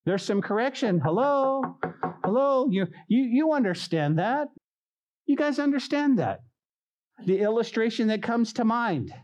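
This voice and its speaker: Male pastor, lively preaching, fairly high voice, talks straight to the congregation. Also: normal speed, muffled recording. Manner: animated, repeats phrases, calls out to congregation. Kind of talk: sermon.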